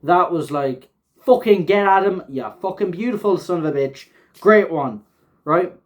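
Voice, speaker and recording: A man's voice: high voice, measured pace. A man hosting a casual reaction recap of an episode, rambling with lots of fillers and frequent swearing. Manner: rambling, filler-heavy, swears often, laughs while talking. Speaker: show host reviewing an episode.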